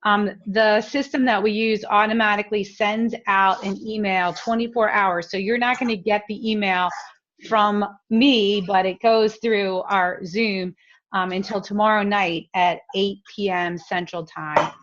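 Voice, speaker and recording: A woman's voice: medium pitch, steady tone, unhurried, a bit bright, slight background noise. A woman hosting a webinar, giving casual announcements in an informal way with many ums. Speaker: webinar host. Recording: dull webinar audio.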